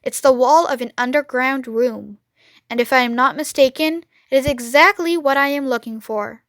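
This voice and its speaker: A woman's voice: high voice, moderate pace, dry recording, studio quality. A woman voicing a clever, confident male fox who leads the others in a storybook. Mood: assured. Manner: calm and assured, softly menacing at times.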